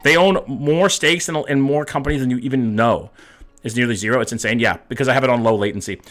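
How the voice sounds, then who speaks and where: A man's voice: medium pitch, fast talker, fairly bright tone. Swearing, chatty young male streamer. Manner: chatty, swears often, asks chat questions. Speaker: livestream host reading chat. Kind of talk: casual live-stream chat.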